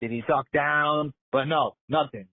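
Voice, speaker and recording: A man's voice: on the high side, steady tone, a little slow, no room sound. A man calling in and leaving a voicemail, telling a story in a casual, streetwise way with some swearing. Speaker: caller. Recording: tinny phone voicemail.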